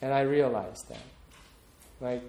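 A man's voice: mid-range voice, slow pace, mellow, echoey room. A man preaching a sermon, talking in a reflective, personal way and often repeating words as he searches for them. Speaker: pastor.

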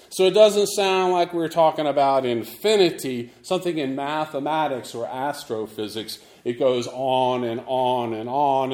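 Slow-speaking male pastor preaching. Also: mid-range voice, a little mellow, reverberant. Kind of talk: sermon.

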